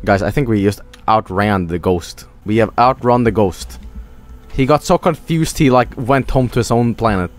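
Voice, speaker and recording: A male streamer giving excitable live commentary on a game, laughing and shouting exclamations. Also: lowish voice, moderate pace, faint music behind.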